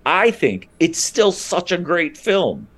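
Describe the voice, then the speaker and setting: A man's voice: high-pitched, big pitch swings, slow, fairly bright tone. A man guesting on a podcast, chatting casually and enthusiastically with lots of filler words, his thoughts running on. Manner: rambling, enthusiastic, many "like" fillers. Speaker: guest, writer and comedian.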